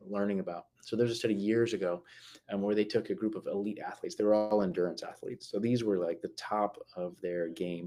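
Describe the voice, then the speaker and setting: Low-voiced man talking on a live stream. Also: darkish tone. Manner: conversational, many fillers and restarts; slows to stress key words. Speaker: mental health talk host.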